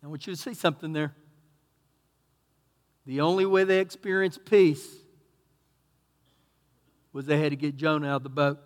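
Texan male pastor, high-pitched, loud-to-quiet preaching, church reverb. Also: fairly even intonation, moderate pace, long pauses. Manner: preaching with swings from loud emphatic bursts to quiet asides. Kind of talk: sermon. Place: church sanctuary.

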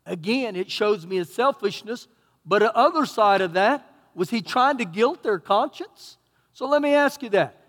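A Texan man preaching a sermon as pastor, swinging between loud emphatic bursts and quieter asides. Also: sits high, animated, moderate pace, long reverb tail. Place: church sanctuary.

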